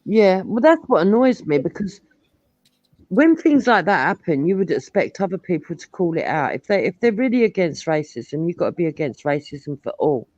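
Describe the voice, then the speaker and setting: A middle-aged woman with a Cockney accent, hosting a casual live-stream chat, telling animated stories and swearing freely. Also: fairly low pitch, normal speed, dry recording. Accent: London Cockney. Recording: dull lo-fi stream audio.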